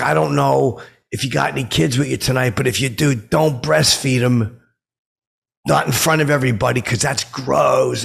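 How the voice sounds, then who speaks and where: A man's voice: mid-range voice, gravelly, a bit bright, slightly rough. A man playing an oblivious, boastful washed-up stand-up comedian who rambles self-importantly with lots of filler. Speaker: podcast host. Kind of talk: improvised comedic monologue.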